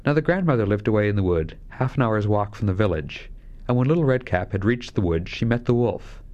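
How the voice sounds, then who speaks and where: Male storybook narrator, lower register, lightly voices the characters. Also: expressive, brisk, darkish tone, muffled recording. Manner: shifts voice lightly for each character. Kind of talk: scripted fairy-tale reading.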